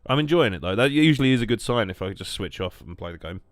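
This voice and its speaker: A young man with a deep, low voice chats idly over his gameplay. He rambles, cracks jokes and answers his viewers in an easygoing monotone. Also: fast, no echo, studio quality. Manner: rambling, jokey, reacting to chat. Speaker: streamer. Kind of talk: casual gameplay stream chat.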